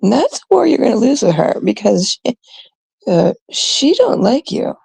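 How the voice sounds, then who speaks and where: A woman from Canada hosting a live stream, scolding and ranting bluntly at a troll, her talk full of fillers and pauses. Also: a little high, very animated, creaky, darkish tone, husky, no echo.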